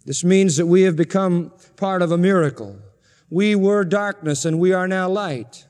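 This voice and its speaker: A man's voice: high voice, moderate pace, a little mellow, big-room sound. A man preaching a sermon as pastor, emphatic and driving points home by repeating short phrases.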